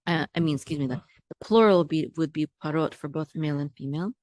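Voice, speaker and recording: A woman's voice: low-pitched, fast talker, darkish tone, dry recording, studio quality. A woman teaching a language lesson, spelling words out syllable by syllable and patiently repeating each sound. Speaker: Hebrew teacher. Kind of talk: word-by-word reading lesson.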